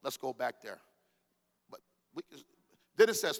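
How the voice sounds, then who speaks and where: A man giving a sermon as a pastor, preaching with call-and-response and sudden loud bursts. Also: mid-range voice, very animated, unhurried, long reverb tail.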